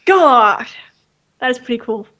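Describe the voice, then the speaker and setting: A woman's voice: on the high side, animated, a little slow, bright, forceful tone, muffled recording, soft background music. A woman player in casual chat who asks eager, teasing questions.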